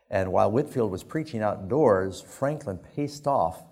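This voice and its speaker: A man's voice: fairly low pitch, lively intonation, moderate pace, hardly any pauses, darkish tone, slightly rough. A male pastor preaching a sermon, telling anecdotes in a folksy, conversational way. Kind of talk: sermon storytelling.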